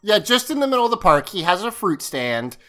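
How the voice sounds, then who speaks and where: A woman's voice: medium pitch, sing-song, fairly quick, a bit bright. A woman co-hosting a podcast, chatting casually, rambling and swearing as she recaps a scene. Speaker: podcast co-host recapping an episode. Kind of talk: casual chat.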